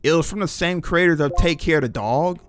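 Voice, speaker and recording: A man's voice: fairly high pitch, brisk. A young man streaming a horror game, reacting casually with slang and talking to his chat. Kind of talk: live gameplay commentary.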